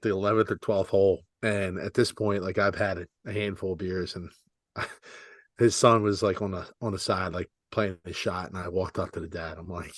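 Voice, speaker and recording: A man's voice: fairly low pitch, dry recording. Give me a laid-back man co-hosting a podcast, casual and profane, with a dry close-mic sound. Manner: laid-back, swears freely, says 'like' and 'dude' a lot. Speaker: podcast co-host. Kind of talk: casual chat.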